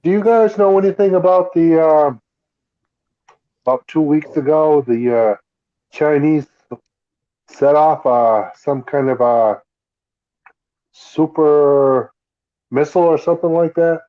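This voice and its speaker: A man's voice: a little high, slow, pauses often. Hesitant man on a dull lo-fi line. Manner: asks questions, hesitant with fillers. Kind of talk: casual podcast chat. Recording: dull lo-fi sound.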